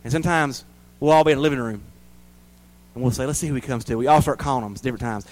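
A man preaching a sermon as a pastor to his church, rising loud and high, then dropping quiet and low. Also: quick pace, low-quality recording.

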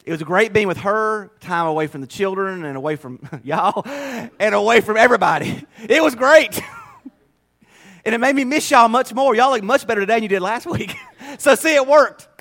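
A man's voice: high voice, normal speed, a bit bright. A man in his forties, a pastor, preaching a folksy, storytelling sermon from a church, laughing often. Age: 40s.

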